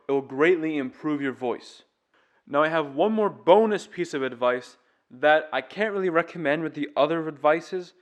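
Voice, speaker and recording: Man, singing teacher, casual tutorial, earnest, demonstrative. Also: a little high. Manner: earnest, demonstrative, explains step by step.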